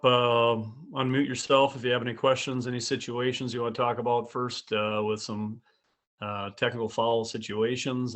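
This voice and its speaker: A man hosting a referee training webinar, explaining rules in a steady, instructive way with some fillers. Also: lowish voice. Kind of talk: instructional talk on officiating.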